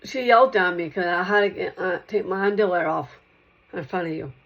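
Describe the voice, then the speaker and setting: Soft, rambling woman on a dull recording. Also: fairly low pitch, brisk, vocal fry. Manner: repetitive, circling back over the same points, soft-spoken. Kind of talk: rambling spoken monologue to one listener.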